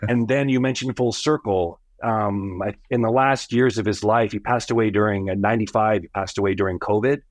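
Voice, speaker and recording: A middle-aged American man, a company founder, telling his family story as a podcast guest, animated, acting out the voices he quotes. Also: lowish voice, fairly quick, hardly any pauses, no echo. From United States. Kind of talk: storytelling in an interview.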